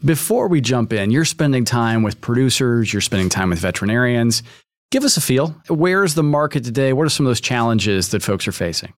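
A male podcast host at a mid-range pitch, speaking in a deliberate, emphatic way and stretching his key phrases. His voice is dry and close, with almost no room sound, as if he is at a studio mic. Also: expressive, no echo. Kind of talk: interview podcast hosting.

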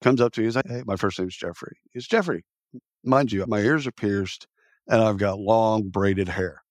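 A man's voice: fairly low pitch, moderate pace, no room sound. A man in his fifties, a podcast guest telling stories bluntly and acting out what others said. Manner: animated storyteller who acts out quoted speech, blunt and salty. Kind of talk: casual storytelling interview.

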